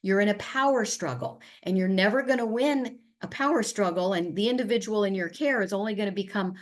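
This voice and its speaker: A middle-aged woman leading a webinar for caregivers, explaining patiently and acting out calm, soothing sample replies. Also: medium pitch, a little fast. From USA. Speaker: webinar facilitator and family therapist. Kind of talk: educational webinar presentation.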